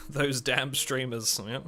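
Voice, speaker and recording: A man's voice: medium pitch, level tone, takes it slowly, sharp tone, soft background music. A man hosting a game live stream, chatting casually and rambling, joking with his viewers and cutting himself off mid-sentence. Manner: rambling, self-interrupting, joking with chat.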